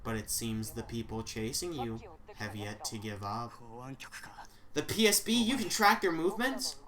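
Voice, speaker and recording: A woman voicing a soft-spoken AI secretary program that talks low, quiet and even. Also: moderate pace, crowd noise. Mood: calm devoted.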